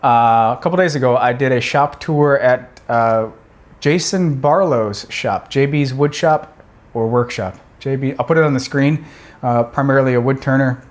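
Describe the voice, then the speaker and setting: A young man talking casually to camera in a vlog, excited and rambling with many restarts. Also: medium pitch, normal speed. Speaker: vlogger.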